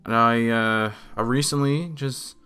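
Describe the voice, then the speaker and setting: A young man co-hosting a podcast, telling a story in animated, swear-heavy casual chat. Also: mid-range voice, slow, clean tone, faint music behind. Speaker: podcast co-host.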